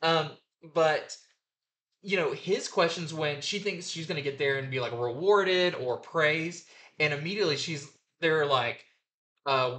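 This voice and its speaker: A man's voice: on the high side, measured pace, pushed and bright. A man hosting a comic book review show, chatting casually and enthusiastically with lots of fillers.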